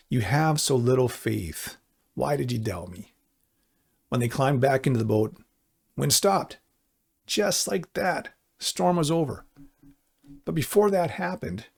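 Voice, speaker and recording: A middle-aged male pastor with a gravelly, husky voice delivers a sermon. He speaks earnestly and conversationally, then slows into emphatic appeals. His pitch sits at an ordinary middle height. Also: darkish tone.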